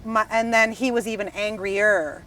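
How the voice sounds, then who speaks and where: A woman from Wisconsin, a restaurant dining room manager, telling stories in a lively, emphatic casual chat. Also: mid-range voice, moderate pace. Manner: animated, emphatic storyteller. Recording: slightly distant mic, faint background noise.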